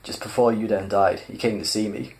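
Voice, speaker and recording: A man's voice: lowish voice, fairly even intonation, a little fast, darkish tone, lightly acted. A man voicing a brash, grinning male president of the galaxy in a poor put-on American accent that keeps slipping. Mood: offhand. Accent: put-on American, admittedly poor. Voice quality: casual, offhand, drifts between accents.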